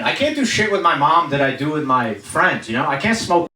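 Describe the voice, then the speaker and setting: A man's voice: on the high side, a little fast, few pauses. Male stand-up from Uzbekistan, bouncy delivery, crude asides, echoey distant live-venue sound. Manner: crude, animated storytelling with many asides. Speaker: stand-up comedian. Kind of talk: stand-up comedy set. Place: comedy stage before a live audience. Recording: echoey venue from far off, loud noise.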